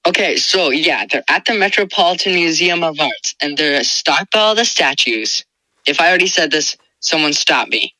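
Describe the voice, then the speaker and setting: A woman's voice: deep voice, lively intonation, moderate pace, pushed and bright, no echo, rough recording. A teenage girl co-hosting a casual podcast, retelling a story with playful sarcasm. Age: teens. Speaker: podcast co-host. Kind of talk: casual chat.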